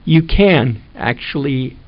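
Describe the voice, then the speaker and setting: A male radio host gently prompting his guest in a conversational way. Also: mid-range voice, animated, slow. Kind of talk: interview questions. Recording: dull lo-fi radio sound.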